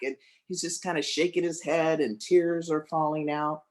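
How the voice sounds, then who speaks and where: A man's voice: on the high side, little pitch movement. Man giving a heartfelt storytelling sermon. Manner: heartfelt storytelling with slow emphatic pauses. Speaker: guest speaker.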